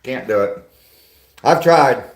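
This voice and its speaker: A man's voice: medium pitch, animated, takes it slowly, echoey room. An older man hosting a casual live stream on a walk, chatting with viewers in a rambling, self-deprecating way. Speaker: vlogger reading live chat.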